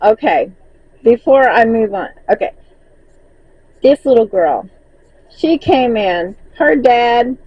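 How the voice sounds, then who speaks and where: Slow, husky Southern woman vlogging. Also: fairly high pitch, expressive, no room sound, lo-fi sound. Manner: reads sales list, laughs often, chatty storytelling. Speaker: crochet seller recapping market sales. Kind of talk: casual vlog recap.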